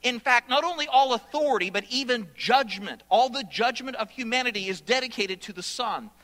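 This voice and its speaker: A male pastor preaching a sermon with emphatic, repeated phrases, slowing down to read scripture. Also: very high-pitched, expressive, bright, forceful tone, in a large hall.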